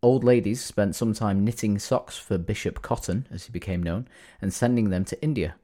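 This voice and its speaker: A man's voice: on the low side, moderate pace, mellow. A man co-hosting a casual chat, reading out notes about where a phrase comes from, with chatty trailing restarts. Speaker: podcast co-host.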